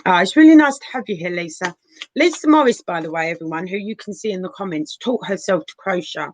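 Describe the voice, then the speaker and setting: Talking fast and expressively in a lowish voice, a tarot reader does a live session from her living room sofa, calling viewers darling and honey. The recording quality is low.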